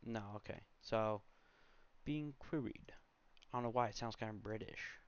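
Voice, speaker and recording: This screen-recorded walkthrough comes from a man in his twenties who rambles casually, packing in fillers and side comments. His voice is on the low side with a clean tone, delivered flatly and a little fast. The home recording sounds dry and slightly dull.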